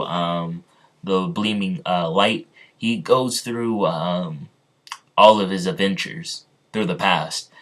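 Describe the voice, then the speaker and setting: A man narrates a story he invents as he goes. His telling is halting, full of ums and restarts. His voice sits somewhat low. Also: a bit bright. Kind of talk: improvised fan story narration.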